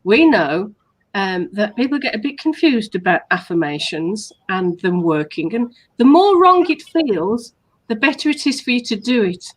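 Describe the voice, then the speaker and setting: A woman's voice: medium pitch, sing-song, normal speed. A woman co-hosting a casual coaching chat, patiently explaining steps and acting out sample compliments. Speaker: hypnotherapist co-host.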